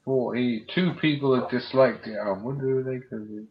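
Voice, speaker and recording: A man's voice: mid-range voice, fairly even intonation, moderate pace. A man chatting on a live stream, retelling comedy sketches with laughter and plenty of swearing. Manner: laughing storyteller, acts out quotes, swears freely. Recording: dull lo-fi stream audio.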